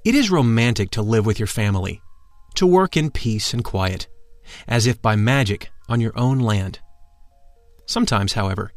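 A man narrating a first-person account in a measured, formal reading voice. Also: medium pitch, dry recording.

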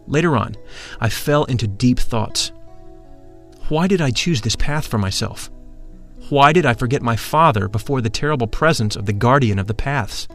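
Man reading an audiobook, slow solemn delivery, faint music behind. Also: mid-range voice. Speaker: audiobook narrator. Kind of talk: scripted narration.

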